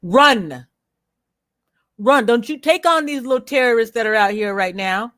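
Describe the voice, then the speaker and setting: A woman hosting a livestream, speaking bluntly and with profanity as she rants at viewers, slowing down to stress her words. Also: on the high side, animated, a bit bright, no room sound, clean studio sound. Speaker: livestream host. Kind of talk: unscripted livestream commentary.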